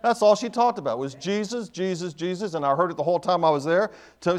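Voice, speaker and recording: A man's voice: high-pitched, quick pace, hardly any pauses, smooth. A man preaching a sermon in church, emphatic and repetitive, building his points in rising bursts.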